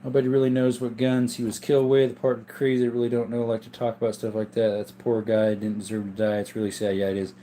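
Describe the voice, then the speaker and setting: A man with a mellow, medium-pitched voice hosts a casual live chat from a home room holding his gun collection, reading viewer comments aloud and answering in a laid-back, rambling way. He talks quickly with little pitch movement and hardly any pauses, his voice strained and worn, over slight background noise.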